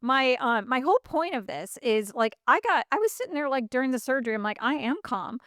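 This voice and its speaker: A woman's voice: high-pitched, animated, fairly quick, fairly bright tone, no echo, studio quality. A middle-aged woman hosting a podcast, telling a story casually and animatedly, with many fillers and acted-out quotes. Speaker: podcast host.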